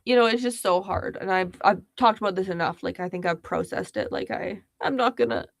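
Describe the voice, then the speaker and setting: A woman's voice: mid-range voice, a little fast, creaky, dry recording. A young woman hosting a casual livestream, chatty and giggly, reading viewers' comments aloud. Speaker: livestream host.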